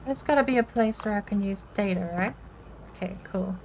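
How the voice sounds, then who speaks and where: A woman's voice: mid-range voice, brisk, a little mellow, slight background noise, rough recording. A sleepy woman streamer, yawning and musing aloud to herself while playing a game. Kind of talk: relaxed gameplay chat.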